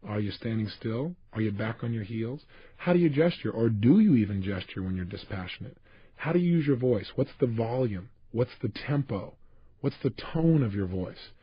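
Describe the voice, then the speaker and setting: Husky, emphatic motivational speaker man. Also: mid-range voice, animated, normal speed, no room sound. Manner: passionate, emphatic, direct address. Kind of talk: recorded self-help tape. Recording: dull lo-fi tape.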